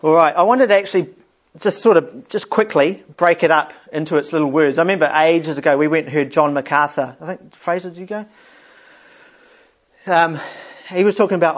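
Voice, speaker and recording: A man's voice: a little high, normal speed, highs cut off. A man leading an informal Bible study for a group, chatty and often chuckling as he explains a psalm.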